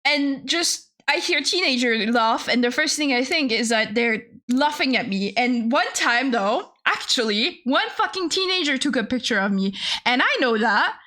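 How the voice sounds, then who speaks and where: A woman's voice: high-pitched, animated, normal speed, sharp tone. A young adult woman streamer telling stories in a casual, profane, exasperated rant, laughing often.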